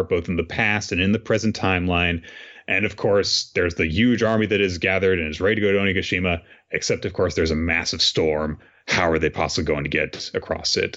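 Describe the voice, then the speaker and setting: A man's voice: low voice, fairly bright tone. A young man hosting, casually recapping a story in a rambling way with fillers and restarts. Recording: dull lo-fi audio.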